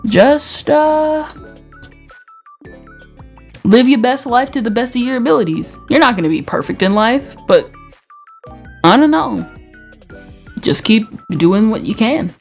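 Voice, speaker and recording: A woman's voice: on the high side, lively intonation, a little slow, long pauses, faint music behind. A young woman streamer with a slight Southern twang, chatting casually and laughing often, sometimes stuttering and restarting. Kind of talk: casual chat.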